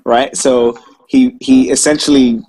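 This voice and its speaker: A man's voice: mid-range voice, fairly even intonation, unhurried, warm tone, rough recording. A man telling old service stories in casual, profane chat, swearing constantly and sounding indignant. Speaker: Marine veteran telling stories.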